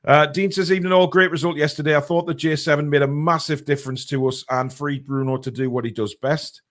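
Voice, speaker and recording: A man hosting a casual podcast, reading out comments in a blunt, halting, sometimes sweary way. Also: fairly high pitch, steady tone. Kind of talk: casual chat.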